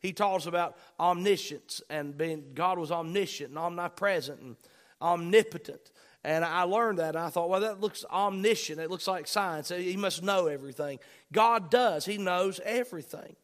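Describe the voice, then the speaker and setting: A high-pitched man delivers a sermon. He leans on repetition to drive points home and slows deliberately when reading verses aloud. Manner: emphatic, repeats key phrases, reads scripture slowly. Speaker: preacher.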